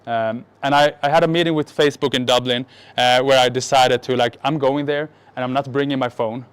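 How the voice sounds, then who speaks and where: A man's voice: medium pitch, fairly quick, smooth. A man from the Middle East tells a personal story on stage to a live audience, joking and mocking himself, often restarting his sentences. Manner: animated, joking, self-mocking, many restarts. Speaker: speaker at a marketing event.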